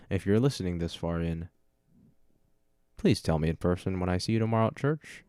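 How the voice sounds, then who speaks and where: A man's voice: sits low, expressive, moderate pace, warm tone, dry recording. A young man hosting a podcast on his own, rambling casually with jokey, self-deprecating asides into a close dynamic microphone. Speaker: podcast host. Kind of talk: solo casual chat.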